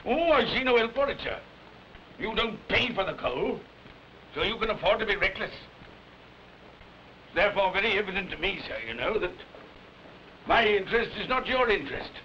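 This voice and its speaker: An actor with a British accent playing a mean, cold old miser who scolds in curt, sneering, clipped phrases. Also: male voice, high-pitched, lively intonation, moderate pace, long pauses, sharp tone, slight background noise. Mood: scolding. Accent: British English. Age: older. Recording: dull 1930s film soundtrack with music.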